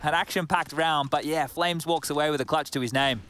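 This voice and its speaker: Man, esports caster, slightly high voice, excitable play-by-play, faint hiss underneath. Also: fairly quick. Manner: excitable, often asks his co-caster "right?". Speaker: esports commentator. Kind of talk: live play-by-play commentary.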